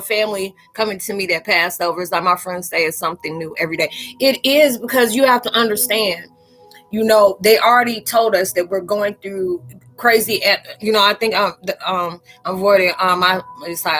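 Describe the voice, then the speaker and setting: Bright, animated, woman, casual live chat, home room. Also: mid-range voice, rough recording. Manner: animated, jumps into quoted voices, laughs often. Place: her room.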